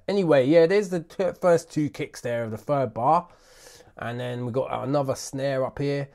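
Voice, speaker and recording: A man's voice: medium pitch, moderate pace, darkish tone. Brief: British man, slangy and jokey, tutorial patter, mutters grumbles under his breath. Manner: slangy and jokey, "bruv" after nearly every sentence. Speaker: music production tutor. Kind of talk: casual screen-recorded tutorial.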